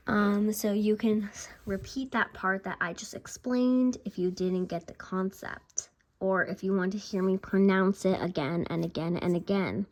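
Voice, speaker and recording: A woman hosting her own channel, giving a casual beginner language lesson, chatty, repeating words and pronouncing them slowly and deliberately. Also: mid-range voice, fairly even intonation, a little mellow. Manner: chatty, repeats and restarts, slow deliberate pronunciation. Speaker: language teacher, channel host.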